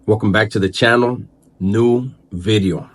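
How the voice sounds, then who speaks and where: A man hosting his own video channel, talking casually to the camera and restarting his sentences often as he thinks aloud. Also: fairly low pitch. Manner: halting, repeats words and restarts while thinking aloud. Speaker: channel host. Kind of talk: casual vlog commentary.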